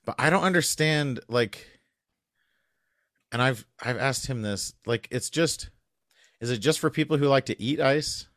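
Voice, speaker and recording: A man co-hosting a podcast in casual chat, chatty and opinionated with quick asides. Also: mid-range voice, fairly bright tone, no room sound, clean studio sound. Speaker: podcast co-host.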